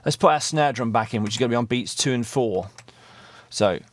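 A man's voice: medium pitch, a little fast. A man teaching a guitar rhythm lesson, patiently counting beats aloud and encouraging the player as he strums. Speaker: music teacher. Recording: loud backing music under voice. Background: guitar and drum track playing.

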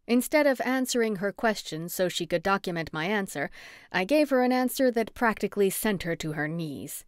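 A woman reading a first-person cozy mystery audiobook with steady, clear storytelling. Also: medium pitch, moderate pace, no room sound, clean studio sound. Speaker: audiobook narrator.

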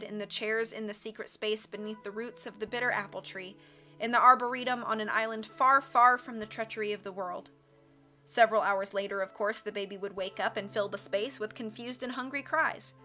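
A woman reading a book aloud on a live stream, with expressive narration and casual asides to her chat. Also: mid-range voice, brisk, soft background music.

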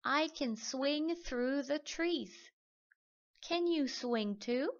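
A woman voicing a boastful monkey in a children's story, bright and showy. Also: high-pitched, drawn-out words, dull audio, pitched above the performer's own voice, full character voice. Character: boastful monkey swinging in trees.

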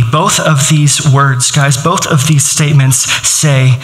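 A man preaching a sermon as pastor, animated and joking, laughing along with his congregation. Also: on the high side, unhurried, echoey room, rough recording. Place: large church auditorium.

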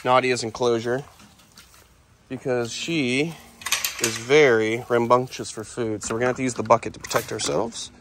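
A young man running a wildlife park, chatting casually to camera outdoors while feeding animals, excitable and quick to laugh, with loud sudden outbursts at the animals. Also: mid-range voice, background noise. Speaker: wildlife park owner and vlogger.

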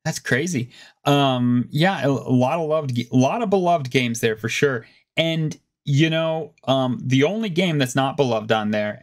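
A man co-hosting a casual gaming podcast, talking in an animated, rambling way that keeps starting over. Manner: animated, rambling, self-interrupting, pitch jumps up when excited. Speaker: podcast co-host. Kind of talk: casual chat.

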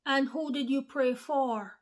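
In an unhurried manner, a woman with a slightly high voice preaches to her online followers, earnest yet informal. Repeating key phrases and calling out to her brothers and sisters, she lets her delivery fall to near whispers and then swell into forceful lines.

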